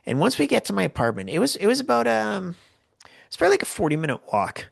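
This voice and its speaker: A man's voice: high-pitched, huge pitch swings, fast, vocal fry, dry recording, studio quality. Rambling Canadian man telling a story. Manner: rambling, lots of "like" and restarts. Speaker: podcast host. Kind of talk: casual storytelling.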